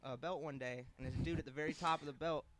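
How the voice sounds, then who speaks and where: A man's voice: on the high side, fairly even intonation, fast talker, a bit bright, a little hiss or hum. A young man co-hosting a podcast, telling a crude workplace story in a rambling, casual way. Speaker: podcast co-host.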